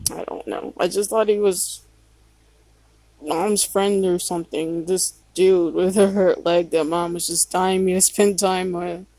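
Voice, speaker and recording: A woman's voice: fairly low pitch, warm tone, no room sound, rough recording. Rambling, cussing woman telling a story. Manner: rambling, swears often, trails off. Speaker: vlogger. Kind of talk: casual storytime.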